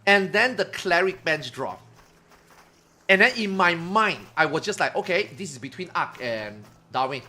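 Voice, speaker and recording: A man streaming, telling a story to his chat in a casual, animated way, swearing freely and acting out his friends' lines. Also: high voice, normal speed.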